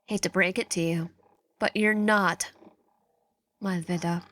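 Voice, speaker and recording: A woman voicing a smug, possessive male god from a visual novel, speaking slowly and low with a mocking edge and some stumbles. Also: steady tone, a bit bright.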